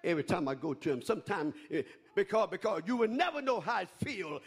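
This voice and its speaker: A man preaching a fervent sermon, rising to shouts and chuckling between lines. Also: high-pitched, expressive, fast talker, husky. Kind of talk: call-and-response sermon.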